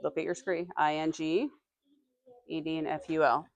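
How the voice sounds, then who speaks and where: A woman teaching a classroom reading lesson, reading passages aloud slowly and stopping to quiz her students. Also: deep voice, flat delivery.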